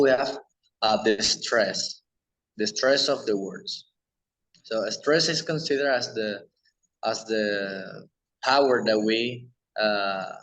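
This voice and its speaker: A man with a Spanish accent, a native Spanish speaker, teaching English pronunciation in a halting lecture with many restarts. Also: medium pitch, a bit bright, low-quality recording.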